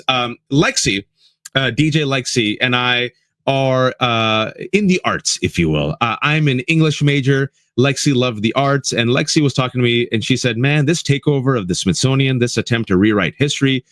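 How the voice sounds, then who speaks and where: A man's voice: mid-range voice, a bit bright, no room sound, studio quality. A man hosting a political commentary show, talking with passion and often calling his listeners "folks". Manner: impassioned, addresses listeners as folks. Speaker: host.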